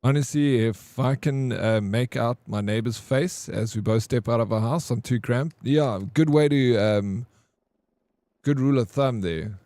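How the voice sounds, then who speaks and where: A man's voice: medium pitch, measured pace, dark tone, no echo. A South African man chatting casually with his viewers during a live game stream, reading and answering their comments. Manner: chatty, laid-back, reads and answers chat.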